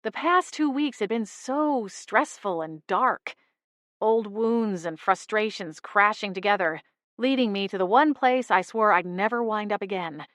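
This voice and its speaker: A woman narrating a novel in the first person as an audiobook, wry and lively. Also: mid-range voice, measured pace, dry recording, studio quality.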